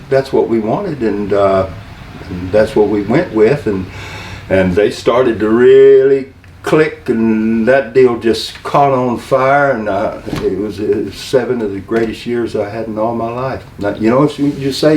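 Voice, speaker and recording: An older man tells folksy, rambling stories in a voice of middling pitch, doubling back and restarting as he goes. He sits well back from the mic in an echoey room, and a faint hum runs underneath. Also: measured pace, a little mellow, distant mic. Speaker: interview guest. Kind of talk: storytelling interview.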